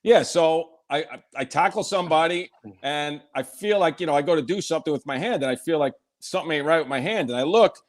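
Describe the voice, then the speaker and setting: A man's voice: fairly high pitch, fast talker. A middle-aged man from Brooklyn, New York, laughing at himself as he tells a story among friends. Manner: laughing, self-mocking storyteller.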